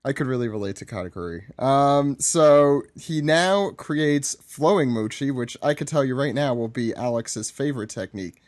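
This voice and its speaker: A man guest on a podcast, recapping a comic in a relaxed, wry way with hesitant fillers and frequent laughs. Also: mid-range voice, moderate pace, few pauses, dry recording, clean studio sound. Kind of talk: casual chat recapping a comic.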